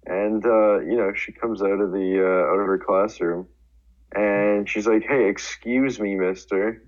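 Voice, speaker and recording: A man's voice: lowish voice, fairly even intonation, measured pace. A young man telling a rambling school story in casual chat, full of fillers. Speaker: podcast co-host. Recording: dull lo-fi sound.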